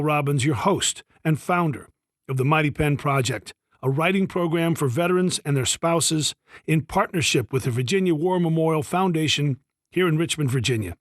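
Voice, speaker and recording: A man's voice: on the high side, no room sound, studio quality. Upbeat male podcast host. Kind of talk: scripted podcast introduction. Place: Richmond studio.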